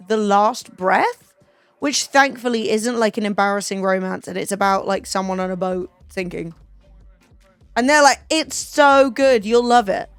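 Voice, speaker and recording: A young woman from England with a Southern English accent chats casually on her stream, rambling, full of "like" and the odd swear. Her voice is fairly high and clean, recorded dry on a close mic with no echo and faint music behind.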